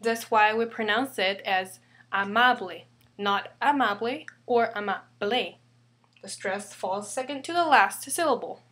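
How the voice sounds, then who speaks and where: A woman teaching an online language lesson, patient and repeating each example slowly. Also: a little high, fairly bright tone. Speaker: Spanish teacher.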